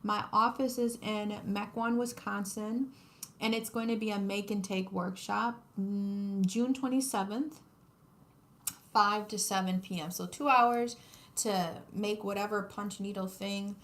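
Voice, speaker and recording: A woman's voice: mid-range voice, fairly even intonation, a little slow, fairly bright tone. A woman, chatting casually with her viewers on a craft livestream while she embroiders. She talks to her audience, laughs often and narrates her work as she goes.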